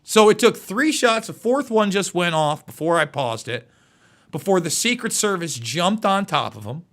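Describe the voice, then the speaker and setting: A man's voice: sits high, sing-song, moderate pace, a bit bright. A man hosting live political commentary, emotional and repeating himself as he stumbles over words.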